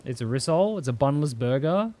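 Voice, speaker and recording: Brief: young Australian guy, livestream gamer, mid-pitched voice, loose rambling chat full of swearing. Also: lively intonation, fast, a little mellow. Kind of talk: casual chat while gaming.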